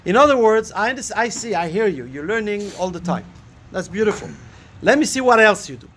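A man teaches a Talmud lesson. He reads a passage aloud and then unpacks it with rhetorical questions, pausing on fillers as he thinks. A faint hiss sits under his voice. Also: high voice, sing-song, a bit bright. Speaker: Torah teacher. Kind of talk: Talmud lesson, reading and translating a text.

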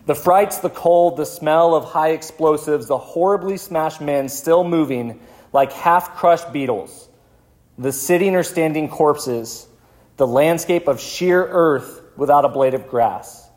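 A male pastor telling a vivid story in a sermon, slowing down for dramatic moments. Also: a little high, a little mellow. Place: church.

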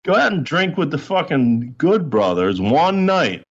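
A man's voice: a little high, big pitch swings, unhurried, breathy edge, highs cut off. A man ranting in a heated, profane, mocking way during a podcast chat. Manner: foul-mouthed, heated, mocking.

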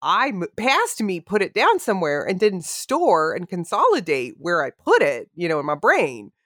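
Expressive woman co-hosting a podcast, dry sound. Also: lowish voice, normal speed, dry recording. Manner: reflective, talks in restarts and asides with warm laughter. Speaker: podcast co-host. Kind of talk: casual podcast chat.

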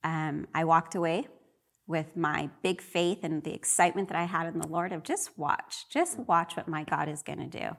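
A woman's voice: low-pitched, normal speed, vocal fry. A middle-aged woman sharing her personal faith testimony in an earnest, emotional way. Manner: earnest and emotional, often re-voicing her own prayers.

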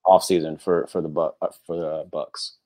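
A man co-hosting a casual sports podcast in a relaxed, rambling way. His voice is very low, and he keeps working in easy fillers as he thinks aloud. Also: normal speed. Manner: easygoing, rambling, many fillers like "you know". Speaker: podcast co-host.

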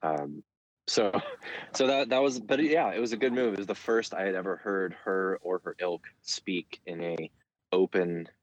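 A man's voice: low-pitched, moderate pace, muffled recording, slight background noise. A man speaking as a guest in a conversational interview, thoughtful, with frequent fillers and restarts.

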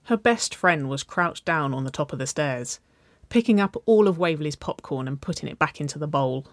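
A woman's voice: low voice, expressive, normal speed, no echo. Woman reading a story, dry close sound. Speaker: narrator. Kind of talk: storybook narration reading aloud.

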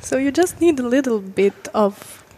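A woman's voice: high-pitched, lively intonation, measured pace, warm tone, a little hiss or hum. A woman guest talking in casual chat, enthusiastic and full of "like" fillers. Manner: enthusiastic, uses many "like" fillers. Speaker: guest entrepreneur.

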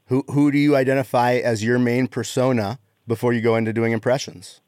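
A man's voice: medium pitch, little pitch movement, fairly quick, darkish tone, no echo, clean studio sound. A man hosting a casual comedy podcast chat, rambling and repeating words as he searches for them.

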